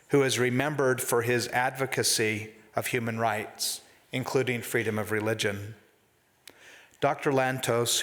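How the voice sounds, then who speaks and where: Man, conference speaker, unhurried delivery, earnest, reflective, formal address. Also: mid-range voice, a bit bright, in a large hall. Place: conference hall.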